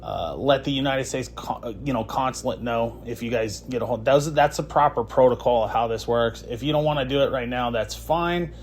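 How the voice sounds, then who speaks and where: A man's voice: mid-range voice, fairly quick, hardly any pauses, slight background noise. A young man hosting a podcast, talking in a combative, preachy and taunting way. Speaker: podcast host. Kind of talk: heated phone confrontation and podcast intro.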